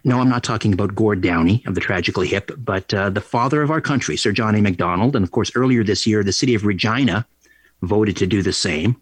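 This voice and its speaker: A man's voice: on the low side, fast, husky, no echo. A man hosting a talk radio show, delivering an opinionated, sarcastic and indignant monologue. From Canada. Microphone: studio microphone.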